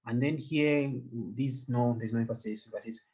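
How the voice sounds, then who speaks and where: A man's voice: medium pitch, fairly even intonation, normal speed, a little mellow, highs cut off. A man teaching an online German class in English, patient and joking, dropping German words in.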